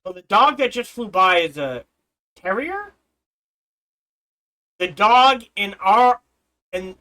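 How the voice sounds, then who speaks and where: A man's voice: high-pitched, bright, forceful tone, low-quality recording. Rambling man commenting on gameplay. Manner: rambling, restarts and self-corrections. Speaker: let's play host.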